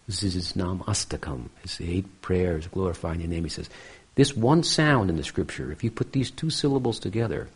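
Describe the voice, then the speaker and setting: A man giving a spiritual lecture on scripture in a reflective, unhurried manner, often pausing to ask his listeners "hmm?". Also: low-pitched, vocal fry, breathy edge. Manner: reflective, frequent questioning "hmm?" asides. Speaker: spiritual teacher.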